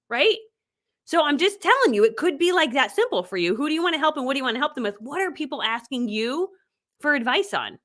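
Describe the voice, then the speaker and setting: A woman online business coach giving a motivational talk, telling animated stories and acting out what people said. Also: sits high, fairly quick. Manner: animated storytelling, acting out quotes.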